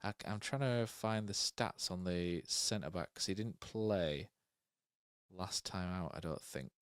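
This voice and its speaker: A man's voice: sits low, takes it slowly, clean tone, no echo, clean studio sound. A man co-hosting a podcast, chatting casually about football and thinking aloud with many fillers and tag questions. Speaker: podcast co-host.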